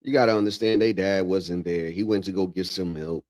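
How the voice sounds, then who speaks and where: A man hosting a livestream in casual, slangy reaction commentary, calling everyone "bro" and getting animated. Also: sits low, fairly quick, no room sound, studio quality. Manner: animated, drops into mock voices of relatives. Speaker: livestream host.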